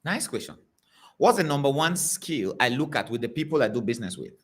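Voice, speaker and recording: A man preaching to a congregation, telling stories in an animated, repetitive way. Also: medium pitch, fairly quick. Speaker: pastor.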